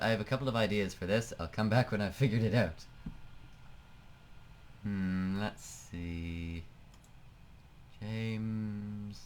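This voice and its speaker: A man with a fairly low voice talks casually through a flight-sim game, musing aloud and letting sentences trail off. He sounds like a desk-mic home recording with a faint hum behind him. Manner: chatty, thinking aloud, trailing off. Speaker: let's play host. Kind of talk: casual gameplay commentary.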